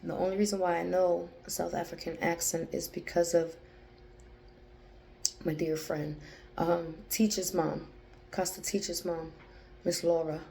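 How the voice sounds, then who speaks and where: A young woman with a low, mellow voice thinks aloud through a psychic reading. She keeps restarting and stops to focus. A faint hiss sits under her speech. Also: flat delivery, gravelly. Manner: hesitant, restarts, pauses to focus. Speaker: psychic channeler.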